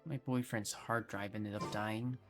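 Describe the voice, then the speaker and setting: Playful woman streamer with halting chatter. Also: very deep voice, fairly even intonation, music in the background. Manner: playful, hesitant, full of fillers. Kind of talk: casual gameplay commentary.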